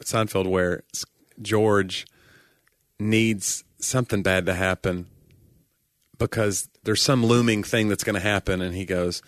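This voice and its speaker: A man chatting on a podcast who jokes around and jumps into loud comic voices. His voice is bright and forceful. The sound is dry and close. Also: lowish voice, normal speed, dry recording. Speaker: podcast co-host. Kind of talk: casual chat.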